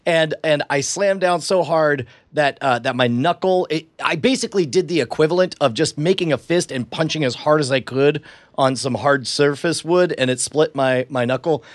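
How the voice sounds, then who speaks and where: A man co-hosting a podcast, casually telling an animated story and acting out his own quotes. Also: on the high side, normal speed, no room sound. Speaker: podcast co-host. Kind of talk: casual chat.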